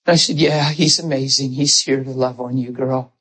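Husky-voiced man preaching with emotion. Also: mid-range voice, normal speed, low-quality recording. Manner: emotional, animated storytelling with acted quotes. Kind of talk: sermon with personal stories.

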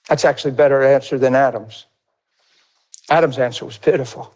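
A middle-aged man preaching a sermon, telling stories and acting out other people's voices in high squeals. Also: fairly quick.

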